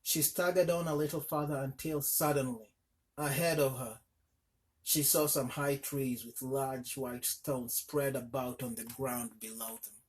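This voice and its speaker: A man's voice: medium pitch, steady tone, a little slow. A man narrating a folk tale, reading steadily with small slips. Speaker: storyteller.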